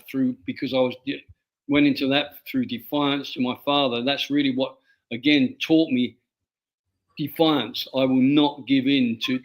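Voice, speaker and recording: Give me an older man from England, an author telling life stories in an interview, halting and repeating himself. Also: mid-range voice. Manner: halting, many restarts and repeated words. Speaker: author guest. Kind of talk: interview storytelling.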